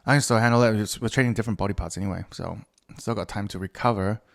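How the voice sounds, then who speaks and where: A man's voice: lowish voice, very fast, vocal fry. A middle-aged man hosting a solo podcast, rambling casually and swearing a lot with self-mocking humor. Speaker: podcast host.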